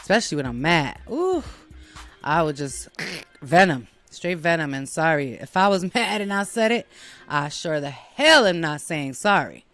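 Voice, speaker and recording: A woman's voice: sits low, moderate pace. Blunt, sassy woman host over faint music. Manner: animated, with quoted put-on voices. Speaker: show host. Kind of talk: casual opinion monologue.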